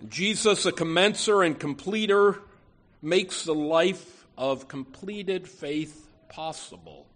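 Slow, earnest preaching man. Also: sits high, a bit bright. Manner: earnest preaching with many "you know" asides and repeated words. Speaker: pastor. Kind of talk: sermon.

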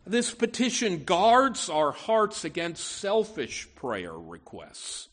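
Slow, lively-pitched male preacher. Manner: earnest, with frequent "you know" and repeated words. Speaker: pastor. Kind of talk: sermon.

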